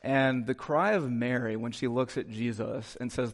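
A male pastor preaching a sermon in a conversational way, with quick asides to the congregation in a church. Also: medium pitch. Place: church sanctuary.

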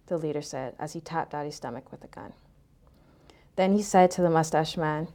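A woman reading a first-person story in a measured way, letting her phrases fall away softly at the ends. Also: sits low. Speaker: narrator.

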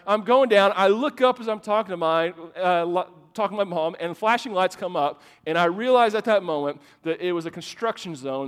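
Male pastor with a high voice, animated storytelling delivery with repeated words, preaching in a church with long hall reverb. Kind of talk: sermon with personal storytelling. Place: church sanctuary with a congregation.

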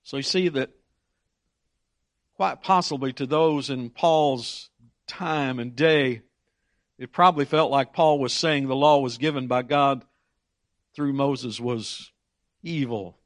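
A man's voice: mid-range voice, slow, long pauses, dry recording, clean studio sound. A man preaching a sermon, emphatic, often stumbling and repeating words as he presses his points.

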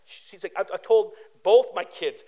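A man from preaching a sermon as pastor, animated and telling stories with acted-out quotes. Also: high voice, unhurried, narrow, tinny audio.

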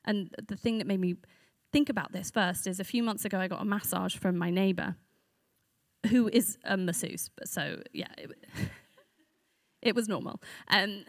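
A woman's voice: medium pitch, creaky, dry recording, studio quality. A woman giving a conversational sermon to a church group, earnest and reflective, speaking off the cuff.

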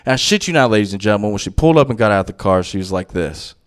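A man doing a stand-up set in a small venue, telling crude stories and shouting his punchlines. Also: on the low side, expressive, rapid-fire. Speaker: stand-up comic.

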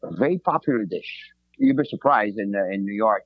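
Low-voiced chef telling stories. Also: male voice, a little fast, no room sound, lo-fi sound. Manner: rambling, repeats words, animated retelling. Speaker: chef and podcast guest. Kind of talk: casual storytelling chat.

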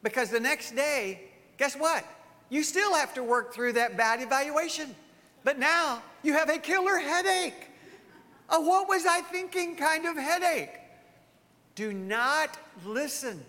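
A man's voice: very high-pitched, expressive, measured pace, sharp tone, big-room sound. A male pastor preaching a sermon emphatically, firing off rhetorical questions to his congregation.

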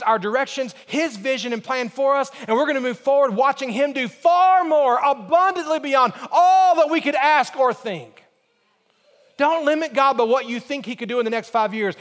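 A male pastor delivers a sermon in a high voice. He uses emphatic, repeated phrases that rise in force and then fall soft. His voice rings through a church sanctuary with a long reverb trail. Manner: emphatic, repetitive preaching cadence with rising build-ups and quiet drops.

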